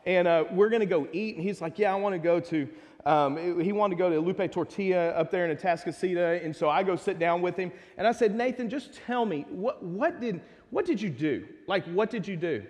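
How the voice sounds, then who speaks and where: High-voiced Texan pastor, joking, in a hall. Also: male voice, expressive, fairly quick, darkish tone. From Texas. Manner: conversational and joking, with asides to the congregation. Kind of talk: casual sermon. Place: church sanctuary. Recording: long hall reverb.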